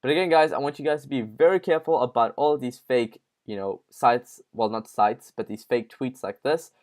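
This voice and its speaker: A man's voice: medium pitch, brisk. A man hosting a casual online news show, talking informally to his viewers with frequent fillers. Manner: informal, addresses viewers as guys, many fillers. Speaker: crypto news host.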